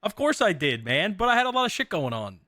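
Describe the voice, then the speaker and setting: A man's voice: high-pitched, very animated, fast, bright, forceful tone, no echo, studio quality. A man chatting in character as a sheriff's deputy in an online roleplay, joking and swearing as he teases his coworkers. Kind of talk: casual in-character roleplay chat.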